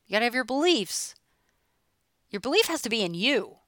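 Woman, forties, mindset coach: blunt and emphatic, casual swearing, bright crisp voice. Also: on the high side, very animated, a little fast, dry recording. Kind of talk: motivational talk.

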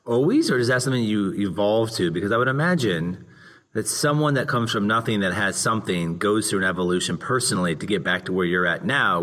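A man's voice: lowish voice, fairly bright tone. A man interviewing a guest, asking reflective, searching questions. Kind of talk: conversational interview.

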